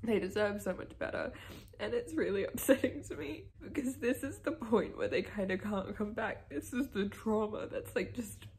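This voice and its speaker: A woman's voice: mid-range voice, moderate pace, a little mellow. Young aussie woman vlogging her reread, chatty and emotional, swears a lot, a bit of faint noise behind. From Australia. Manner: emotional, chatty, swears freely, reads passages aloud. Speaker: book vlogger. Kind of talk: casual reading reaction vlog.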